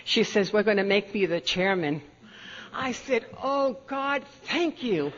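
An older woman with a New York accent tells stories from her own life as an Al-Anon speaker, laughing through them in a meeting hall. Her medium-pitched voice is animated and a little slow. The lo-fi recording sounds dull, with faint room noise.

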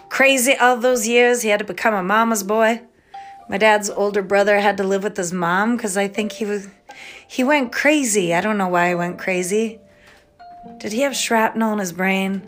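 Woman, unhurried speech, giggly, excitable, stream-of-consciousness monologue, faint music behind. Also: medium pitch. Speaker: podcaster. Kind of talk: rambling late-night monologue. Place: at home.

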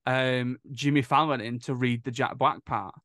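A man hosting a podcast, telling anecdotes in casual chat with plenty of hesitant restarts. His voice sits at a middling pitch. The sound is dry and close. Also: steady tone, normal speed, fairly bright tone, no echo. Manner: storytelling, hesitant with fillers. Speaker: podcast host.

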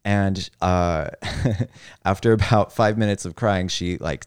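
A man telling a funny story on a casual podcast, animated, with laughing asides. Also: sits low, slow, clean tone, no echo, clean studio sound. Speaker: podcast co-host.

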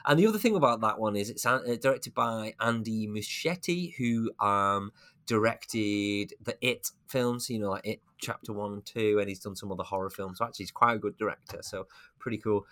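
A man's voice: lowish voice, moderate pace, fairly bright tone. A man co-hosting a casual podcast, chatting about film news with wry asides and frequent laughter. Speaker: podcast co-host.

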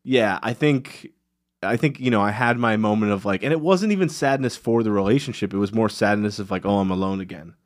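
A man's voice: on the low side, lively intonation, brisk. A man with an Irish accent, a comedian talking in casual, rambling podcast banter full of fillers. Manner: laid-back, rambling, many fillers.

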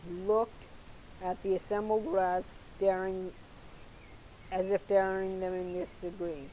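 A woman reading a children's novel aloud in a steady, unhurried way. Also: medium pitch, slight background noise, low-quality recording. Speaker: storyteller.

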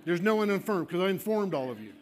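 Fervent pastor, fairly high voice. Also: male voice, sing-song, quick pace. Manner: coaxing, repetitive, fervent prayer. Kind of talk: sermon with altar call and prayer. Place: church sanctuary.

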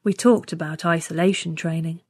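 A woman narrating a first-person science fiction story in steady, scripted storytelling. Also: fairly low pitch, normal speed, slightly rough, no room sound. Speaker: story reader.

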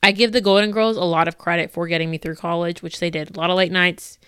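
A woman's voice: fairly low pitch, fairly even intonation, quick pace, a bit bright, clean tone, dry recording, studio quality. A young woman in her twenties hosting a casual solo podcast, gushing and laughing often as she fangirls. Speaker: podcast host.

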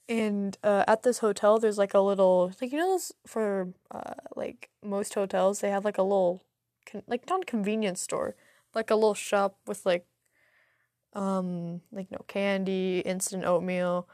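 A woman's voice: mid-range voice, darkish tone, dry recording, studio quality. A young adult woman hosting a podcast, telling a rambling, profane story full of stuttering restarts. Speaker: podcast host. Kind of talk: casual solo storytelling.

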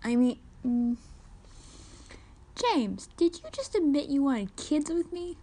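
Brief: woman doing a bright playful young heroine, eager and teasing, storybook reading. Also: high voice, expressive, takes it slowly, pitched above the performer's own voice. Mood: lively.

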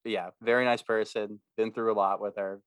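A man co-hosting a podcast in casual chat, laid-back and quick to laugh. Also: fairly low pitch, flat delivery, fairly bright tone, no room sound. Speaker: podcast co-host.

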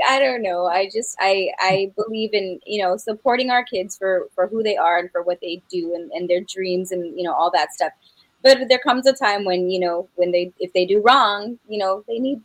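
A middle-aged woman from New Mexico chats as a guest on a talk show, her voice sitting at an ordinary pitch. She rambles with fillers and restarts, and the recording is close and dry with no room sound. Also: no room sound, rough recording. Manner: warm, many fillers and restarts, laughs often. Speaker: guest singer. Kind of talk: casual interview chat.

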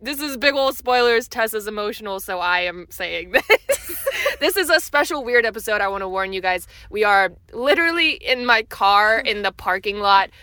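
A woman's voice: mid-range voice, lively intonation, normal speed, sharp tone, clean tone, no echo. A young adult woman co-hosting a podcast in a casual chat, bubbly and laughing, recorded on a phone inside a parked car. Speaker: podcast co-host.

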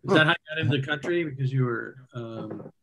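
A man hosts a comedy show and keeps up teasing banter with the acts. His voice is bright and forceful. Faint noise sits under the recording. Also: medium pitch, brisk. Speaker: host.

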